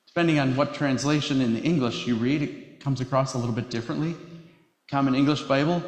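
A pastor from Wisconsin delivering a sermon in a church sanctuary, measured and emphatic, slowing down on key phrases. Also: male voice, medium pitch. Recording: echoey hall reverb.

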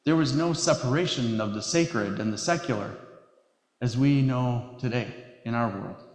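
Male pastor, sermon delivery, measured and emphatic, long church reverb. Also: mid-range voice, darkish tone. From Wisconsin. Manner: measured and emphatic, slowing on key phrases. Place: church sanctuary. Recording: echoey hall reverb.

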